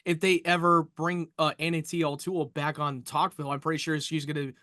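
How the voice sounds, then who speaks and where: A man co-hosting a casual podcast, chatty and quick to laugh along. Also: a little high, little pitch movement, sharp tone, no room sound, clean studio sound. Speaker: podcast co-host. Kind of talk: casual chat.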